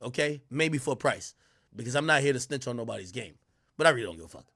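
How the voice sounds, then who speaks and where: A man's voice: mid-range voice, lively intonation, fast talker, fairly bright tone, dry recording, studio quality. A man chatting casually on his livestream, tipsy, rambling and profane, laughing often and mimicking other people.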